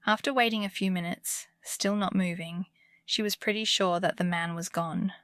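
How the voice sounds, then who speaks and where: A woman narrating true scary stories for bedtime in a calm, comforting scripted delivery. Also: on the low side, moderate pace, smooth, no echo, studio quality. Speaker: horror story narrator.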